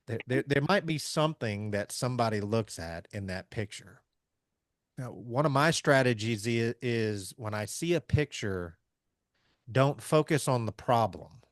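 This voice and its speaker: A man from Southeast Missouri, hosting a casual business chat in an energetic, folksy way. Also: mid-range voice, a little slow, no room sound, studio quality. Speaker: podcast host.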